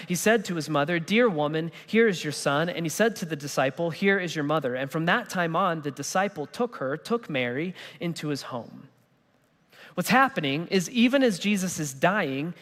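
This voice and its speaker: A man preaching a sermon as pastor, in a lively, conversational way with casual slang. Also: a little high. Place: church auditorium. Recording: church hall reverb.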